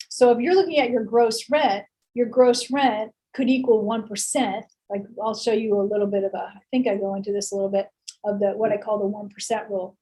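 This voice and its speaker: A woman's voice: a little high, warm tone, low-quality recording. Chatty woman teaching a class. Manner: chatty, many fillers and restarts, rhetorical questions. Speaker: real estate instructor. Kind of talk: casual lecture.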